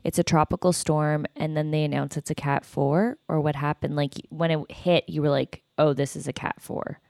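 A woman's voice: low-pitched, fairly even intonation, normal speed, creaky, darkish tone, no room sound, clean studio sound. A woman hosting a casual chat, blunt and teasing, who swears casually.

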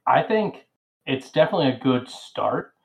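A man playing a tabletop game as a guest, describing his character's moves in a relaxed, matter-of-fact way. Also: medium pitch, moderate pace, vocal fry, low-quality recording. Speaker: guest player. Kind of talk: casual tabletop game play.

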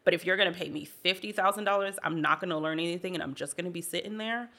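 A woman's voice: on the low side, fast talker. A woman co-hosting a podcast, talking bluntly in casual chat and acting out the people in her stories. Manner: blunt, animated storyteller who acts out dialogue. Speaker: podcast co-host.

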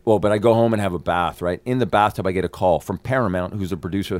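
A male actor, a guest on an interview show, telling a long anecdote in a profane, animated way. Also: deep voice, fast talker, hardly any pauses, no echo.

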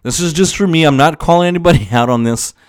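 A man's voice: fairly high pitch, quick pace, no room sound. A young man talks through his solo podcast in a loose, rambling way, swearing freely as he pep-talks himself. His voice sounds worn and strained. The sound is dry and close to the mic. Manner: profane, rambling, self-motivating with frequent laughs. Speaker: podcast host. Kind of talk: casual solo podcast monologue.

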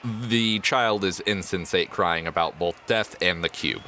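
A man's voice: deep voice, a little slow, heavy background noise. A man narrating as game master of a tabletop game, playful and often chuckling.

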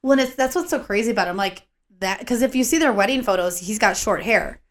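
A woman's voice: mid-range voice, quick pace. A woman co-hosting a casual true-crime podcast, rambling and chatty, her words a little slurred from coughing. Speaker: podcast co-host.

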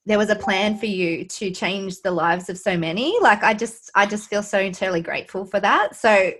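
A woman hosting a podcast interview, talking warmly and emotionally with many fillers. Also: medium pitch, normal speed. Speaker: podcast host. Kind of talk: casual interview chat.

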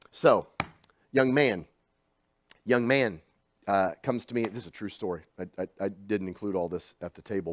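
Male preacher, middle-aged, chatty storytelling sermon with big swings in loudness, dry recording. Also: fairly low pitch, no room sound. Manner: swings from hushed asides to loud emphatic bursts.

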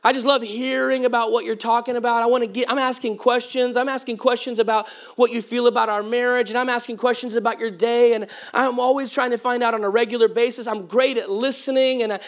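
A man's voice: very high-pitched, fast, few pauses. A man preaching a sermon as pastor, telling humorous stories to his congregation. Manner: humorous, animated storytelling to a congregation. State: voice cracking at times.

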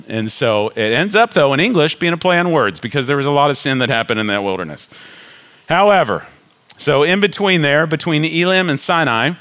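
Man, middle-aged pastor, sermon, bright voice, pitch swinging all over. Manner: animated preaching, acts out grumbling crowds in a raised voice.

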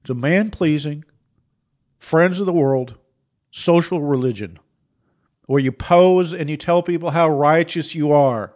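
Middle-aged guy ranting, preachy and forceful, mocks folks in little voices, kinda high-pitched. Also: measured pace, pauses often. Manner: forceful, preachy, laughing asides, mocking voices. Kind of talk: impassioned monologue.

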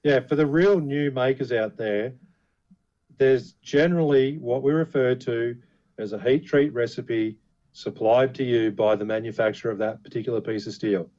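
A man's voice: mid-range voice, normal speed, warm tone. A man talking casually as a podcast co-host about knife making, blunt and swearing freely. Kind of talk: casual chat. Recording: dull lo-fi sound.

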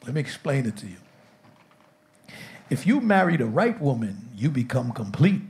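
A man's voice: medium pitch, sing-song, moderate pace, gravelly, a little mellow. A man preaching a humorous sermon as pastor, telling jokes and calling on his congregation to answer back. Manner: call-and-response with congregation, jokey. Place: church sanctuary with congregation.

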